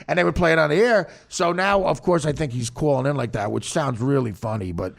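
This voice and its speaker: A man's voice: mid-range voice, lively intonation, a little fast, creaky, hardly any pauses. A man hosting a podcast, telling a long story in a rambling, self-mocking way full of stammered restarts. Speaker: podcast host. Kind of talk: casual storytelling chat.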